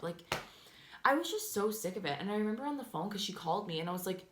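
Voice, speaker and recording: A woman's voice: mid-range voice, fast, roomy sound, a little hiss or hum. A young woman vlogger telling a story in casual chat, full of "like" and "um", and acting out what people said. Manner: chatty, fillers of "like" and "um" throughout; acts out quoted lines in animated voices.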